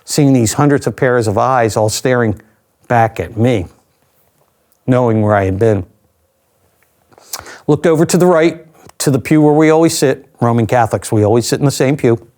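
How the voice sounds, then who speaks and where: A man's voice: medium pitch, darkish tone. An older man, an interview guest, telling a personal story in a reflective, conversational way with dry asides.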